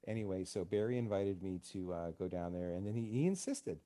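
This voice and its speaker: This counselor guest tells stories in a laid-back podcast chat that feels like casual radio, voicing the quoted dialogue as he goes. His voice is low-pitched and warm, expressive, and fairly quick.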